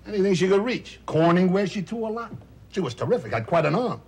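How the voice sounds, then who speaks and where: An actor playing a loud, wisecracking, self-pitying middle-aged talent agent in a 1970s television drama. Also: male voice, sits high, very animated, quick pace, breathy edge, full character voice. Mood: bitter. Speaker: theatrical agent.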